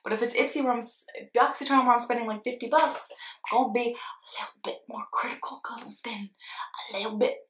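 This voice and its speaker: A woman's voice: on the high side, fast talker, fairly bright tone, a little hiss or hum. A young woman, a beauty vlogger and makeup artist, chatting candidly with wry asides as she unboxes products. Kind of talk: casual unboxing chat. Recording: roomy echo, faint background music.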